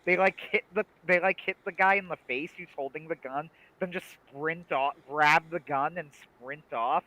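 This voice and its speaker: A man's voice: a little high, normal speed, sharp tone, poor audio. A man co-hosting a livestream, chatting casually and making emphatic, opinionated points. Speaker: livestream co-host. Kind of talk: casual chat.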